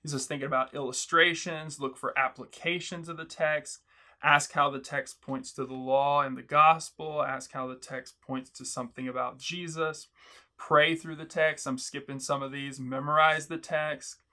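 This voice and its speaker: Young male teacher, earnest and encouraging, bright and forceful. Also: on the high side, steady tone, moderate pace. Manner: earnest, encouraging, quotes the author often. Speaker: Bible study teacher. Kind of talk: video book overview, teaching.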